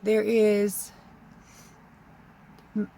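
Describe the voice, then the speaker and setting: A woman's voice: mid-range voice, completely flat delivery, very slow, gravelly, dark tone. A woman, a keto vlogger pleading earnestly with viewers, close to tears. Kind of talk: emotional vlog talk to camera.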